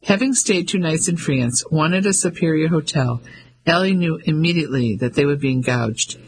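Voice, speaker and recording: A man narrating an audiobook in a measured, even storytelling manner. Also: a little high, husky, rough recording.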